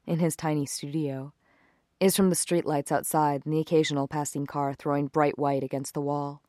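Low-voiced woman reading a romance aloud. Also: a little mellow, no room sound, clean studio sound. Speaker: narrator.

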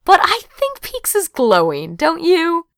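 A woman's voice: very high-pitched, huge pitch swings, takes it slowly, fairly bright tone, no echo, studio quality, voice pushed up, heavily acted. A woman voicing a sly, gossipy young woman who talks in a conspiratorial way. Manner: conspiratorial, mock-sighing.

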